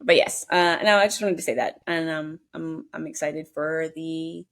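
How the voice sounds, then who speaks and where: A woman co-hosts a podcast in a chatty, blunt way and swears freely. Her voice is slightly low for a woman, and her delivery is casual. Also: moderate pace. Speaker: podcast co-host. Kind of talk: casual chat.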